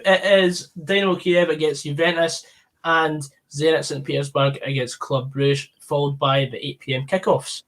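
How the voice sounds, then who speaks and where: A man with a fairly high voice hosts a live football stream. He talks casually, leans on fillers and reads out comments from viewers as he goes. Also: level tone, normal speed, fairly bright tone.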